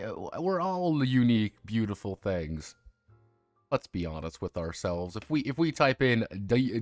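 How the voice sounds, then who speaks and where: A man with a somewhat low voice chats casually on a home livestream. He rambles and jokes at his own expense, often restarting his sentences. The sound is dry and close, with faint music underneath. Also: dry recording. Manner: rambling, jokey and self-mocking, with frequent restarts. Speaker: streamer discussing tabletop games.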